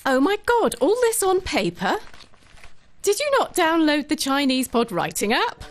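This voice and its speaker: A woman acts out an incredulous young woman in a scripted ad skit. She exclaims in disbelief in a high voice that swoops widely. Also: sing-song, unhurried.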